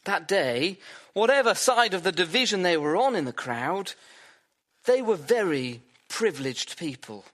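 A man preaching a sermon, retelling a story vividly and dropping his voice low for emphasis. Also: big pitch swings, measured pace, fairly bright tone.

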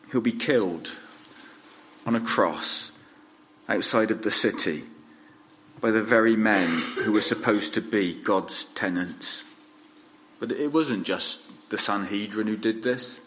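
A male preacher delivering a sermon in an earnest, measured manner. His voice sits a little low and he speaks slowly. He leaves pauses between phrases. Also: a bit bright, poor audio.

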